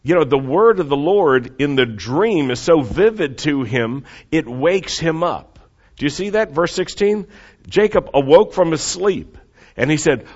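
A man preaching a sermon with expressive delivery, leading the congregation to repeat lines after him. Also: on the high side, unhurried, breathy edge, highs cut off. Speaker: pastor.

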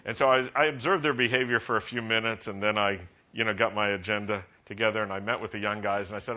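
A man preaching a sermon to a congregation in a conversational, practical way, rising to animated emphasis. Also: lowish voice. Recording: dull lo-fi sound.

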